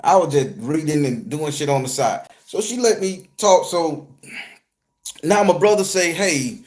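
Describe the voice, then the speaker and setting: A man who works as a spiritual reader, telling a story to his viewers in an animated, profane, conversational way. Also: a little high, normal speed. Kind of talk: storytelling vlog.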